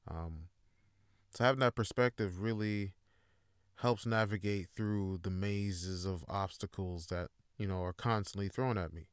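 A man's voice: sits low, a little slow, clean tone, no echo, clean studio sound. A man hosting a solo podcast, talking in a rambling, laid-back way with a lot of swearing. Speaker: podcast host. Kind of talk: casual solo monologue.

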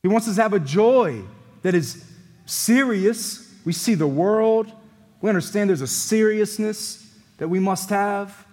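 Male pastor preaching slow n earnest, lots of reverb from the church hall. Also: sits high. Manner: earnest, emphatic, with quiet reflective stretches. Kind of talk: sermon closing in prayer. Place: church sanctuary.

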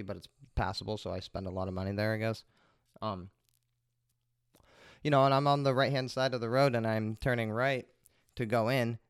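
A man's voice: medium pitch, clear, resonant tone, no echo, clean studio sound. A man hosting his own podcast, telling a rambling story in a casual, heavily profane monologue. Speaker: podcast host.

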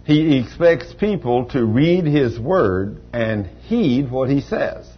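A man's voice: mid-range voice, expressive, slow, breathy edge, dull audio. An older man preaching a sermon in a folksy storytelling manner, with plain everyday grammar.

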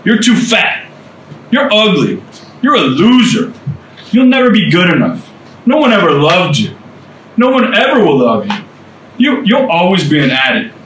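A man's voice: high-pitched, sing-song, normal speed, long pauses, a bit bright, a little hiss or hum, pitched above the performer's own voice. A man voicing the taunting inner voice of his old self, sneering as he hammers out insult after insult. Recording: roomy, distant mic.

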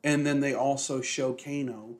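A man of middle pitch chats loosely on a podcast, full of fillers and swearing. His talk wanders as he goes. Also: steady tone, normal speed. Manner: rambling, heavy swearing, many fillers. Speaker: podcast co-host. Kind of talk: casual chat.

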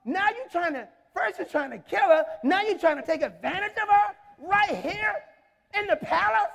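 A man voicing an indignant, doting ancient king who shouts in outrage, heard in a reverberant hall. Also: very high voice, huge pitch swings, takes it slowly, full character voice. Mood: furious.

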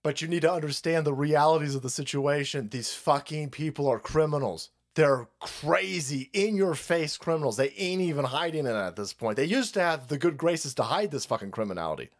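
A man's voice: on the high side, expressive, fairly quick, few pauses. A man hosting a stream, delivering a heated, profane political rant full of repetition and mocking asides. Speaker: stream host.

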